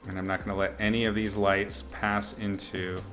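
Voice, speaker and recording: A young man casually talking through his painting on a live stream, relaxed and chatty, reading out viewers' names and laughing often. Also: on the low side, normal speed, soft background music. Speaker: artist streaming a painting lesson.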